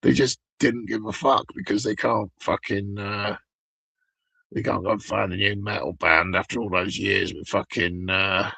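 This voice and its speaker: A man's voice: lowish voice, steady tone, unhurried, gravelly, sharp tone, slightly rough, no room sound, rough recording. A British man streaming live, rambling through crude, profane stories in casual chat.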